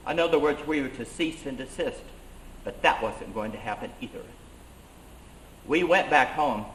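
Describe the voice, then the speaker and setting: A living-history reenactor with a medium-pitched, slightly bright, natural voice speaks at a moderate pace, in a recording with roomy echo and a little hiss or hum. Playing an 18th-century colonial schoolmaster turned rebel leader, he tells his story in first person with earnest emphasis.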